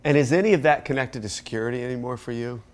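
A man's voice: mid-range voice, racing, a little mellow. A man interviewing a guest, asking curious, probing follow-up questions. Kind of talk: conversational interview.

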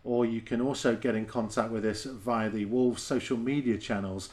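A man's voice: mid-range voice, fairly even intonation, normal speed, darkish tone. A man hosting a podcast in a casual, chatty and joking way. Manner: chatty, joking, self-mocking. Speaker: podcast host.

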